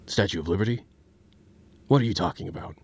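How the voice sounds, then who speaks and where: A man voicing a deadpan video game agent in a low, flat voice. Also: fast, gravelly, slightly rough, no room sound, heavily acted.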